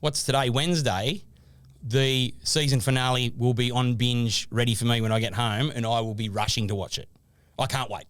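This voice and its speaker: An Australian man in his thirties co-hosting a podcast, telling stories with animated energy and mock sternness. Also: medium pitch, normal speed, smooth, dry recording. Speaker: podcast co-host. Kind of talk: casual banter.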